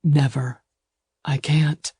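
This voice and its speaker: A woman voicing a passionate, possessive man in a romance audiobook, speaking low, soft and half-whispered. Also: steady tone, slow pace, breathy edge, no room sound, studio quality, full character voice. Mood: tender, hushed.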